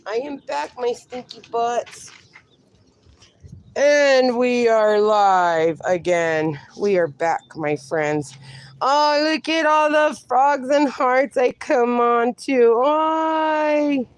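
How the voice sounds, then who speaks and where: Speaking very slowly in a slightly high voice, this livestream host broadcasts casually from her phone outdoors with her dogs. She says hello to viewers and coos at the dogs in baby talk.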